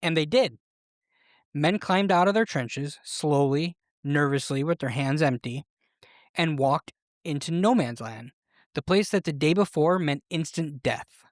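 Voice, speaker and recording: Podcast host, history storytelling, playful and animated, middle pitch, dry close sound. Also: unhurried, dry recording.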